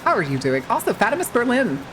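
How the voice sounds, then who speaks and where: A woman's voice: a little high, wildly swooping pitch, quick pace, background noise. A woman VTuber streamer in casual, rambling live-stream chat, swearing freely and using plenty of filler words.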